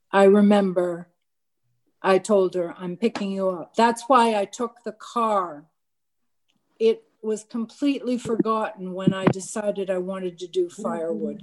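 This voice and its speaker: Woman, mid-pitch, storytelling to a crowd, self-deprecating, acts out the lines, trips over restarts. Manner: candid, self-mocking storytelling with lively quoted dialogue; frequent stammered restarts. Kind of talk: personal anecdote told to a gathered audience.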